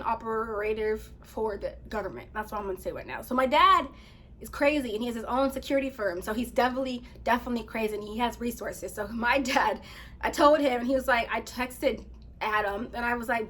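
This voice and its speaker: A woman vlogger casually telling a story to her viewers, animated, laughing often and reading text messages aloud. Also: on the high side, fast.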